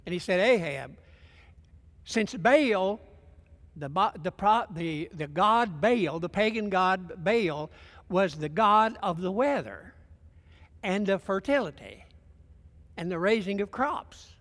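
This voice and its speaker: A man preaching a sermon, retelling a story in a folksy, animated way and acting out the quotes. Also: high voice, slow pace, long pauses. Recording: long hall reverb.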